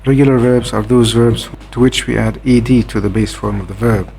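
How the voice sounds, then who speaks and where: A man explaining a grammar lesson in a measured way, pausing often with "uh" between points. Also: medium pitch, fairly even intonation, darkish tone, slight background noise. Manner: measured, with frequent "uh" hesitations. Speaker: grammar teacher.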